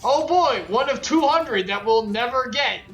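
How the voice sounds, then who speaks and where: A woman hosting a game playthrough in casual, excitable, jokey chat. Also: on the high side, a little slow, faint music behind. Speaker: let's play host.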